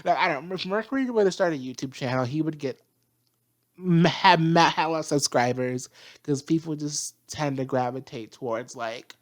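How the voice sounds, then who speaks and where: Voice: medium pitch, moderate pace. A video reviewer giving a casual spoken review, chatty and full of slangy asides, laughing often. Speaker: video reviewer of an animated series.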